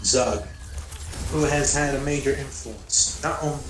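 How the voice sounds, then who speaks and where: A man's voice: mid-range voice, a little slow, slight background noise. Rambling man on a stream, echoey room. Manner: rambling, many fillers. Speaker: stream co-host. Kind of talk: casual chat on a gaming stream.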